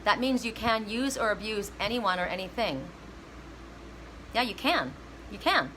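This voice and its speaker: Bright-voiced chatty woman reading cards. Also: medium pitch, expressive, a little slow, slight background noise, low-quality recording. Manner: chatty and emotional, sings snatches of songs. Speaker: oracle card reader. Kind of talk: live-streamed card reading.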